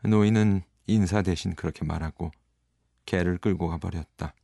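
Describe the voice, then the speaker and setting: Very deep-voiced man reading quickly. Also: fairly even intonation, creaky, dark tone, no echo, clean studio sound. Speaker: narrator. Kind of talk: audiobook reading.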